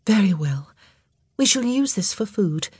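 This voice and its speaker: A woman doing a gentle, soothing older sister. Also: mid-range voice, sing-song, measured pace, husky, no room sound, clean studio sound, pitched above the performer's own voice, heavily acted. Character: gentle eldest sister, young woman, patient.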